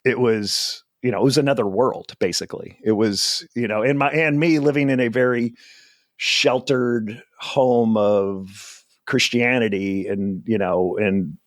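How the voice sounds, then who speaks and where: In a casual interview chat, a New Jersey comedian in his forties rambles as a guest, poking fun at himself and laughing often. His voice is lowish and his pace measured. The recording is dry and studio quality.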